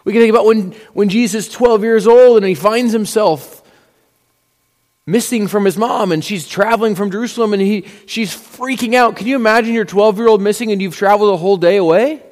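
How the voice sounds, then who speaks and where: A man preaching a sermon with a slightly high voice, talking to the congregation like he's telling a story and slipping into playful asides. His voice rings out with a long reverb, as if filling a big church hall. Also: brisk. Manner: conversational, animated storytelling with acted asides. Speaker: pastor.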